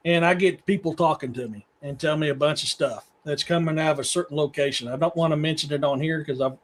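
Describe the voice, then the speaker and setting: Middle-aged guy from missouri rambling thru a story on a podcast, kinda high voice. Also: fast talker, slight background noise. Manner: rambling storyteller, talks to his dogs mid-sentence. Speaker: guest. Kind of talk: casual podcast chat.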